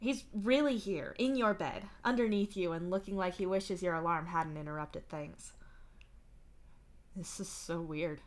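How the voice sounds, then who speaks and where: A woman streamer giving an expressive, conversational live reading of fan fiction. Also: lowish voice, moderate pace, hardly any pauses.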